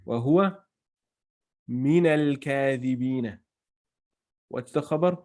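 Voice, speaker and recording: A man's voice: mid-range voice, normal speed, darkish tone. Man, grammar teacher, patient, step-by-step explanation, reads out Arabic phrases. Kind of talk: classroom grammar lesson.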